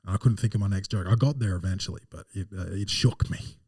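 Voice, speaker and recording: Man, low dark voice, rambling self-deprecating comic, dry room, slightly off-mic. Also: quick pace, breathy edge, dry recording, recorded from a distance. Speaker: stand-up comedian and podcast host. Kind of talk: casual solo podcast monologue.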